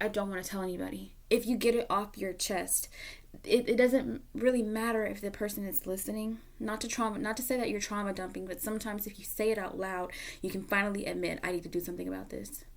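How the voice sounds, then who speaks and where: Woman tarot reader, casual and emotional, gravelly mid-pitched voice that sinks to a whisper. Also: a little fast. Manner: emotional, candid, swings from loud to whispery. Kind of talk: casual tarot reading to camera.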